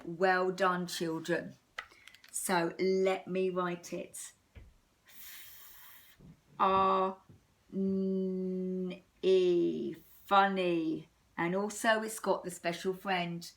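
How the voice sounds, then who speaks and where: An English woman teaching young children a phonics lesson, slow, sing-song and encouraging, stretching words out. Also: on the low side. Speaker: primary school teacher.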